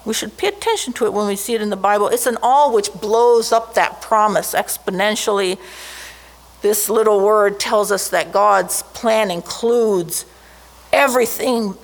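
A woman preaching a sermon, slow and emphatic, lifting her voice sharply on key words. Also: on the high side.

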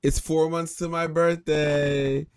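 A man's voice: on the high side, flat delivery, slow, clear, resonant tone, no echo, clean studio sound. A man hosting a casual podcast chat, teasing his co-hosts and laughing often. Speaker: podcast host.

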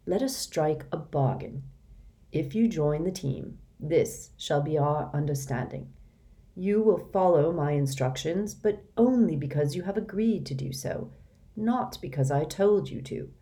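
A woman reading the part of a kindly, wise older man who speaks gently and formally. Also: sits low, lively intonation, measured pace. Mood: gentle.

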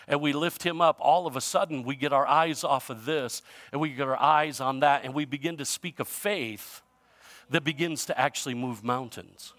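A male pastor delivers a sermon, spinning a humorous story in a bright, slightly high voice. He swings from loud, animated bursts to hushed, close asides. The sound is dry and close, with little room echo. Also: moderate pace.

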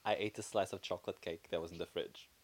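A man's voice: sits low, steady tone, fast talker. A man co-hosting a casual podcast chat, laid-back and jokey, often trailing off mid-thought. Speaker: podcast co-host.

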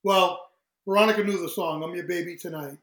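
A man telling lively stories as a guest in a casual interview, acting out what people said and laughing often. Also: high-pitched, a little fast, echoey room, low-quality recording. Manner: animated storyteller who acts out quoted voices, laughs often. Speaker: guest, singer.

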